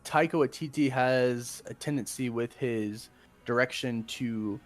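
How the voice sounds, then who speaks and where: A man hosting a podcast, chatting casually about a film and acting out characters' lines in quick bursts. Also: mid-range voice, faint music behind. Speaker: podcast host. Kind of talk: casual film review chat.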